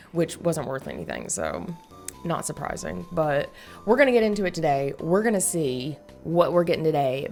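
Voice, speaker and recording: A young woman chatting through her daily game routine in a loose, blunt, sweary vlog style, breaking into frequent laughs. Her voice has a strong gravelly fry, and there is faint music playing behind her. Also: fairly low pitch. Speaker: gaming YouTuber. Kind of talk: casual vlog chat.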